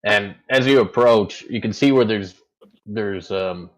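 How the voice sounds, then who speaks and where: A man with a very low voice runs a tabletop game and narrates the scene. He rambles, often stopping mid-sentence to hunt for the right word. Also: a little slow, poor audio. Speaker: game master.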